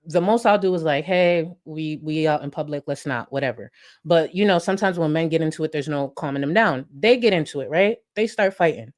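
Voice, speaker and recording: A young woman who hosts a commentary channel tells a profane, lively story in casual chat, her volume swinging between loud and hushed. Her voice is low.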